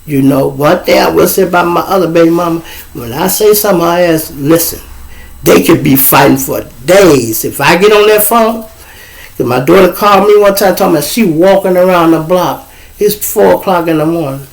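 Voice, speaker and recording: A middle-aged Chicago host tells family stories in a casual monologue, his voice a little high for a man and touched with vocal fry. His delivery is lively and profane at a moderate pace, and he mimics the voices of people he quotes. The recording is rough.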